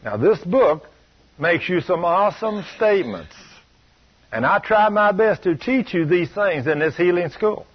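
A man's voice: high-pitched, animated, measured pace, husky. A man preaching a sermon at a healing school, telling stories in a folksy, emphatic and insistent way. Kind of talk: sermon with retold anecdote. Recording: muffled lo-fi recording.

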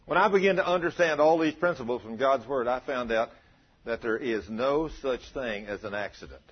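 Husky preacher, animated sermon. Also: male voice, medium pitch, normal speed, highs cut off. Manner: animated, calls out to the congregation and acts out prayers.

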